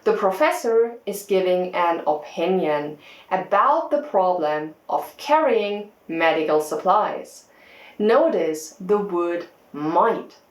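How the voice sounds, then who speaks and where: A woman teacher giving a scripted English test-prep lesson, explaining words clearly and deliberately. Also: lowish voice, a little mellow, roomy sound, low-quality recording.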